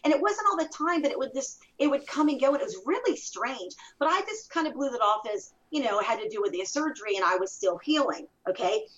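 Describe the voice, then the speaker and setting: A woman's voice: high voice, big pitch swings, quick pace, few pauses, fairly bright tone. Woman giving emphatic testimony, lo-fi. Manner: emphatic, repetitive storytelling. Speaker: interview guest. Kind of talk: personal testimony. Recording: dull lo-fi recording.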